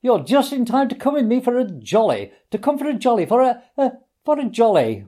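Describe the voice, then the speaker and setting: A man voicing a boastful, swaggering male toad who talks high and loud in a storybook reading. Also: sing-song, brisk, full character voice. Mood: cheerful bluster. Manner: loud, high and bragging, stammers when faltering.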